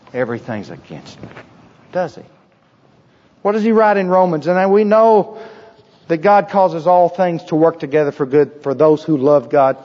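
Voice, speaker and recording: A man preaching a sermon with a husky voice, emphatic and repetitive, asking the congregation rhetorical questions. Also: fairly high pitch, big-room sound, dull audio. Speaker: pastor.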